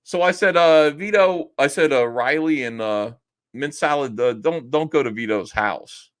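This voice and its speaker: A man's voice: mid-range voice, expressive, unhurried. Man ranting profanely on stream. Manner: rambling, profane, mocking; mimics others in raised voice when quoting. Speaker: streamer host. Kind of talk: casual rant to stream chat.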